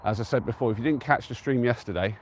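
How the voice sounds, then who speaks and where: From an open, wind-free hilltop at a trig point, a relaxed man from England chats fast to his live-stream viewers, reading and answering comments on a handheld device. His middle-pitched voice flows casually, with a little hiss or hum in the recording.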